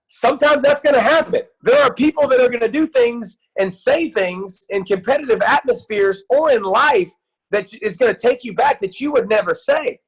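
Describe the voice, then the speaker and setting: A man in his thirties, a youth football coach, talking in an excited, rambling way with many restarts in a casual interview. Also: high-pitched, slightly rough, rough recording.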